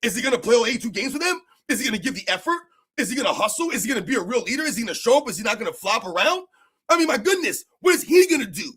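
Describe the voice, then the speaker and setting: A man with a strikingly high voice rants on a live sports stream. He sounds heated and mocking, and he keeps hammering home rhetorical questions. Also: big pitch swings, racing, bright, forceful tone, slightly rough.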